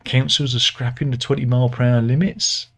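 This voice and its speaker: A British man giving a casual, sardonic satirical news monologue, rambling and often correcting himself, with many pauses and fillers. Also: mid-range voice, little pitch movement, creaky, a bit bright, husky.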